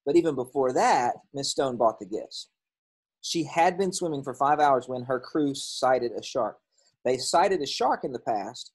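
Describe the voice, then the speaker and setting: Husky male grammar teacher. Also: medium pitch, darkish tone, rough recording. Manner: casual, explanatory, with ums and self-corrections. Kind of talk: recorded classroom lesson.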